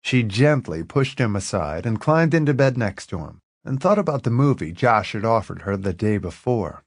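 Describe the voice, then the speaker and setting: A man narrating an audiobook in an expressive, lively reading. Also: on the low side, moderate pace, no room sound, studio quality.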